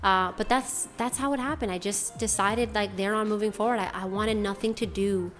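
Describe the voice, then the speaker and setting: A young woman from Boston hosts her own channel and shares a personal testimony in loose, chatty talk. She rambles and drops "like" into almost every sentence. Her voice sits at a middling pitch, with soft music faint in the background. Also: steady tone, normal speed. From Boston, USA. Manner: casual, rambling, many fillers like "like". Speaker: channel host.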